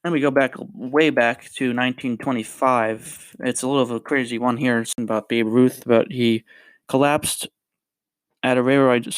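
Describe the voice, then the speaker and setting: Man smooth, dry-sounding podcast host. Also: medium pitch, fairly even intonation, moderate pace, no room sound. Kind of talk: casual solo podcast talk.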